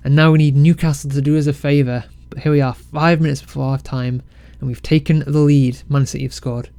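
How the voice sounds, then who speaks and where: A man casually commentating his football management game, excitable and self-mocking. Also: a little high, fairly quick, vocal fry, clean tone, no echo. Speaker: game let's-play creator.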